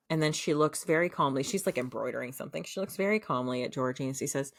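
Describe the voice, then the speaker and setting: A woman's voice: sits low, animated, fairly quick, hardly any pauses, dry recording, studio quality. A woman co-hosting a podcast, rambling casually through a show recap with lots of fillers. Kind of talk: casual chat.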